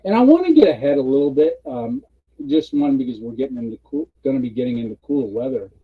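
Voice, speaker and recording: A man chatting casually on a live stream, telling a funny story with lots of laughter and quick character voices. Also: slightly rough. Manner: animated storyteller, puts on high voices for characters, laughs often. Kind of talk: casual chat, retelling a comic bit. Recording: dull lo-fi stream audio.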